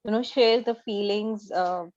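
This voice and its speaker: A woman speaks on a group video call. She talks hesitantly, with many pauses and fillers. Her audio is dry and a little dull. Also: mid-range voice, steady tone, a little mellow, no echo.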